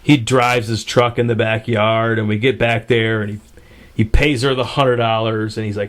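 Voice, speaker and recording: A man's voice: fairly low pitch, fairly even intonation, moderate pace. A man hosting a podcast, telling a story in a casual way, swearing freely and filling gaps with "uh" and restarts. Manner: profane, rambling with fillers and restarts. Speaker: podcast host.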